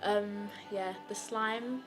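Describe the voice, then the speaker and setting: Soft-spoken bright-voiced woman. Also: medium pitch, steady tone, extremely slow, soft background music, poor audio. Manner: soft, giggly. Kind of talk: casual spoken tribute.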